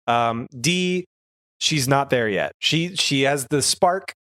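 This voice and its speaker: A man's voice: medium pitch, expressive, takes it slowly, a bit bright, dry recording, studio quality. A young man co-hosting a podcast, recapping a cartoon in casual, joking chat. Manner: chatty, joking, rambling. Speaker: podcast co-host.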